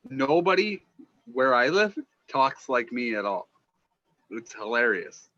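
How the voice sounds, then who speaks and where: A man's voice: mid-range voice, very animated, slow, pushed and bright, no room sound, dull audio. A man from Northwestern Ontario with a Minnesota-style accent, a chatty podcast guest telling stories and swearing casually. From Northwestern Ontario, Canada. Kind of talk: casual chat.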